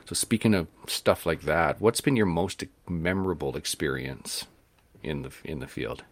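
A man's voice: rumbling low, animated, moderate pace. A man, co-hosting a podcast interview, telling a story and acting out the voices of the people in it. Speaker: podcast co-host.

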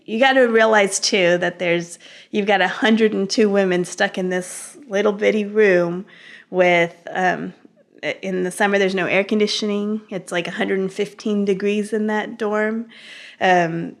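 Earnest woman telling her story. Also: medium pitch. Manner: earnest, heartfelt recounting. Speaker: interview guest. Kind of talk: personal storytelling in an interview.

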